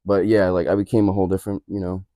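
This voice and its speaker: Laid-back deep-voiced man, rambling. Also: flat delivery, rapid-fire, mellow, no echo, studio quality. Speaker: guest musician. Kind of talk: casual interview.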